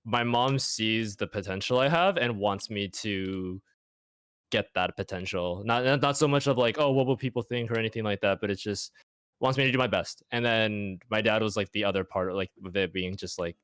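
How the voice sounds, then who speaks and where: A young man with a lowish voice talks things through as an interview guest, reflective and a little halting. He leans on "like" constantly. The sound is close and dry, with no room around it. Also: fairly bright tone, clear, resonant tone, no room sound. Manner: reflective, halting, heavy use of "like". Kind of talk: casual chat.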